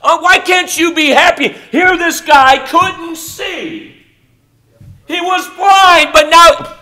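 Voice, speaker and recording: Man, middle-aged, pastor, chapel sermon, animated and mocking, sharp bright voice. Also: very high-pitched, takes it slowly, long pauses. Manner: animated, swings from loud to soft, mocking asides. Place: college chapel.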